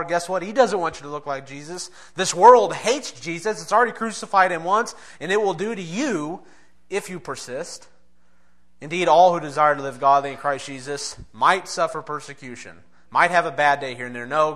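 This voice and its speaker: A man's voice: a little high, sharp tone. A man preaching a sermon, earnest and direct, often asking his listeners questions and chuckling now and then.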